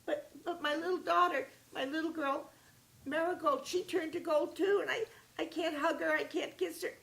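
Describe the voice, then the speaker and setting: A woman voicing a greedy, excitable king from a children's story, loud and eager. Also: very high-pitched, normal speed, creaky, far from the mic, pitched above the performer's own voice, full character voice. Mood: distraught pleading. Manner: loud and eager, shouting his wants. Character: greedy excitable king, middle-aged man.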